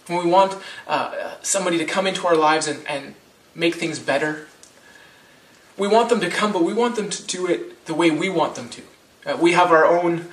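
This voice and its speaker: Man in his thirties, pastor giving a sermon, chatty restarting delivery, slightly high voice, roomy sanctuary sound. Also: fairly bright tone, far from the mic. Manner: conversational, with frequent restarts and rhetorical "right?".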